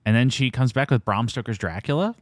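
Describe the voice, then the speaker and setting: A man's voice: medium pitch, brisk, no echo. A man hosting a casual film podcast, rambling and enthusiastic, laughing often. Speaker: podcast host.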